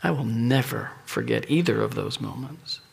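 A middle-aged man preaching a sermon as pastor, telling a personal story and dropping at times into hushed, near-whispered asides. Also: medium pitch, expressive, normal speed, gravelly, husky.

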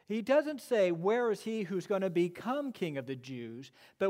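A man preaching a sermon as pastor, emphatic, with quick asides and slow stressed phrases. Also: high voice, sing-song, a little mellow. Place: church sanctuary. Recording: long reverb of a church hall.

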